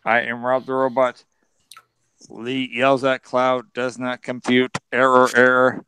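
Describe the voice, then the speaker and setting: A man voicing a stiff male toy robot, speaking in a slow, flat, mechanical way. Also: medium pitch, clean tone.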